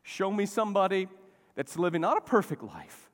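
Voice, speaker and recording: Middle-aged man preaching, lively swooping voice, slightly high, exhorting the crowd, long church reverb. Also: moderate pace. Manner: animated, exhorting preaching with call-and-response. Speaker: pastor. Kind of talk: sermon.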